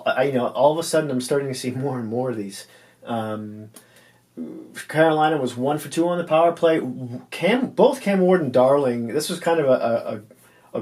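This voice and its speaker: A man casually recapping hockey games. He talks loosely, fills pauses with ums and uhs, and stumbles over player names. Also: medium pitch, a little mellow.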